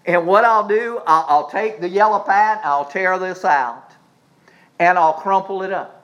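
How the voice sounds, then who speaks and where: High-voiced preacher climbing to emphatic peaks. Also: male voice, normal speed, a little hiss or hum, low-quality recording. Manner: animated preaching that swings from low asides to high emphatic peaks; repeats words and restarts phrases while speaking. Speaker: pastor. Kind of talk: sermon.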